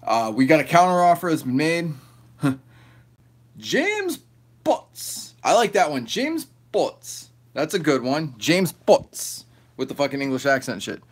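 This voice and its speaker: A man's voice: fairly high pitch, lively intonation, normal speed, husky. A man hosting a casual livestream, reading chat aloud and rambling loosely, often swearing and laughing.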